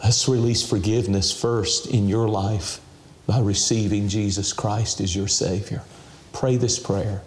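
A man's voice: on the low side, steady tone, darkish tone. Tearful man preaching in a roomy house. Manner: emotional, tearful preaching with slow prayer lines. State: crying. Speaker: television minister. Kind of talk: televangelist interview and altar call.

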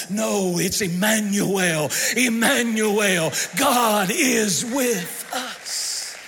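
A man, a pastor preaching a sermon, shouting and drawing his words out in a sing-song way. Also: sits high, lively intonation, slow, slightly rough. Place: church sanctuary. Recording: reverberant hall.

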